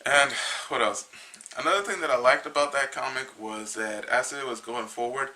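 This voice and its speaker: A man with a very bright, sharp-edged voice retells a comic book's plot in a loose, casual way. He rambles and halts, restarting his sentences often, and sounds a little tired. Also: mid-range voice, rough recording. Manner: rambling, halting, with many restarts. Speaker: comic book reviewer.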